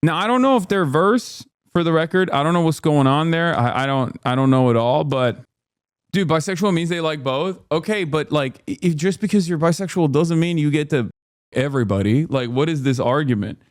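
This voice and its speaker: Casual stream host, man, higher-pitched, rambling and animated, close dry mic. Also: normal speed, dry recording. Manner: rambling, animated, swings from mumbling to loud exasperation.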